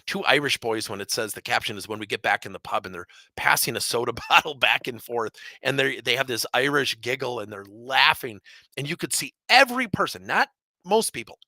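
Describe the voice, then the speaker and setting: A middle-aged man from Wisconsin, a business coach telling stories in an energetic keynote, acting out quotes and jumping up in pitch for emphasis. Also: dry recording. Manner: animated, jumps high in pitch for emphasis, acts out quotes.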